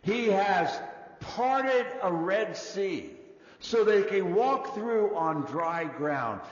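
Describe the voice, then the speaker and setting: A man preaching a sermon in an animated way, his delivery moving between loud and hushed. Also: high voice, very slow. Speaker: pastor. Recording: dull echoey hall recording.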